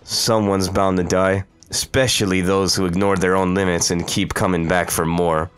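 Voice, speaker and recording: A man playing Arash, calm wise archer. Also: clear, resonant tone, close to an everyday voice. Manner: slow, low and measured. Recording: faint game music behind.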